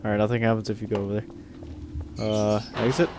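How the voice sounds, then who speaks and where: A young man co-hosting a casual gaming commentary, excitable and swearing, bursting into shouts. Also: lowish voice, quick pace, noisy background. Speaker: gaming channel co-host.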